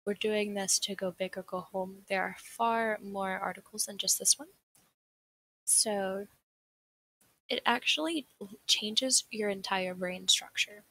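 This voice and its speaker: Young Southern American woman, bright and a little husky, casual rambling livestream presenter who laughs often. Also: mid-range voice, rough recording. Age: young adult. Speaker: seminar presenter. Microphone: desk mic on a livestream.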